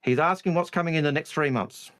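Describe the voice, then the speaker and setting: A man's voice: fairly high pitch, fast, a bit bright. A man co-hosting a live Q&A over a video call, openly annoyed and exasperated in an argument. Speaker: co-host.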